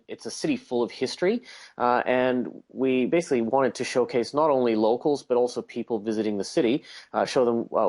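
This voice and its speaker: A young man with a Canadian accent picking up a few Australian touches, a tour business owner answering interview questions in an easygoing, upbeat way with frequent "uh" fillers. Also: medium pitch. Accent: Canadian, with slight Australian touches. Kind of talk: remote interview.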